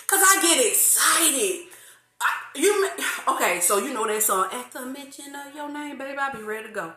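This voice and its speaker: A woman in her forties hosting a casual faith talk, lively, laughing often and drawing out some phrases. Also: sits high, fairly quick, roomy sound. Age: 40s. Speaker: host of an online faith talk.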